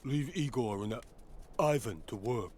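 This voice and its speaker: An actor playing a dim-witted male thug in a video game, halting and repetitive. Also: mid-range voice, darkish tone, husky, close to an everyday voice. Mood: dull.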